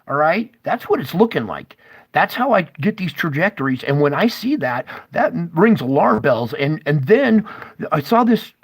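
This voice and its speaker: A man's voice: on the high side, big pitch swings, moderate pace, slightly rough. A man on a live stream urgently walking viewers through charts, checking in with them over and over. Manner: urgent, pointing things out, frequent "okay?" and "all right?" checks to viewers; alarmed and emphatic, swinging between loud bursts and hushed asides. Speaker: online streamer explaining space-weather charts.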